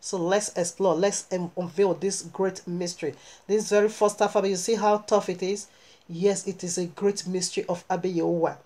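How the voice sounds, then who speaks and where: A woman's voice: on the low side, fairly even intonation, normal speed, dark tone. Woman preaching a scripture sermon. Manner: reads scripture aloud and explains it verse by verse, emphatic exhortations.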